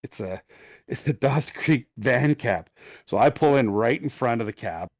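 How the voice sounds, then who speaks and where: A middle-aged man, co-hosting a podcast, tells an animated, profane story in casual chat. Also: mid-range voice, normal speed, no room sound, studio quality. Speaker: podcast co-host.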